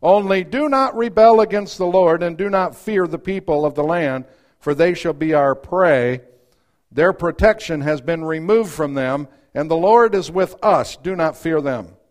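High-voiced preacher with dramatic swings. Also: male voice, measured pace. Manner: dramatic, swings from loud outbursts to hushed asides. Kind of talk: sermon with scripture reading.

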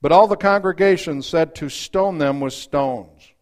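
A man preaching a sermon, reading scripture and acting out its voices, swinging from loud outbursts to hushed asides. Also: a little high, a little slow.

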